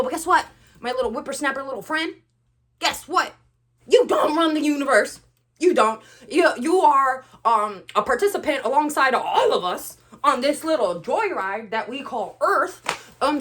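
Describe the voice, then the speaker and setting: A young woman vlogger rants to the camera in a sarcastic, animated way. She swings between loud outbursts and quiet asides. Her voice sits fairly high and sounds bright and sharp. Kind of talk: ranting to camera.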